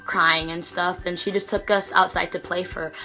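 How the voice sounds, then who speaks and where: A woman's voice: fairly low pitch, level tone, normal speed, sharp tone, soft background music. Chatty teen girl telling a story. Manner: chatty, lots of fillers and quoted dialogue. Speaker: vlogger. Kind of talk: casual storytelling.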